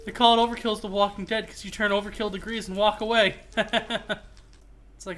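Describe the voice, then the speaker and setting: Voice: medium pitch, fairly quick. A streamer chatting casually while playing a game, rambling and joking. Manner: rambling, animated, jokey. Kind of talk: casual gaming stream chat.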